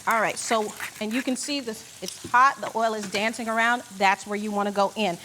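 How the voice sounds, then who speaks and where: A woman's voice: medium pitch, fairly even intonation, normal speed, background noise. A woman chef doing a cooking demonstration in a studio kitchen, upbeat and gushing. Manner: upbeat, gushing, says "beautiful" a lot.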